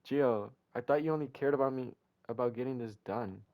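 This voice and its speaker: A man reading aloud the lines of a prickly, tense teenage girl in a flat, quiet voice. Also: mid-range voice, brisk, muffled recording, close to an everyday voice.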